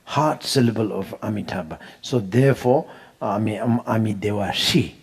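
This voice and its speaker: A man, teaching how to pronounce mantras in an unhurried, laughing way, chanting them as he goes. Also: on the low side, breathy edge. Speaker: Buddhist teacher. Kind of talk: dharma teaching on mantra pronunciation.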